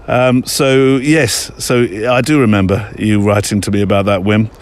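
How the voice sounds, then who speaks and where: A man's voice: mid-range voice, brisk. A middle-aged man hosting a photography podcast in a casual, rambling, self-deprecating way, with many fillers. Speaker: podcast host. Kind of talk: casual chat.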